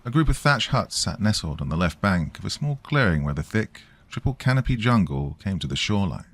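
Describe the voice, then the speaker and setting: A man's voice: on the low side, big pitch swings, fairly quick, a bit bright. A man narrating a scripted story in a dramatic storytelling manner.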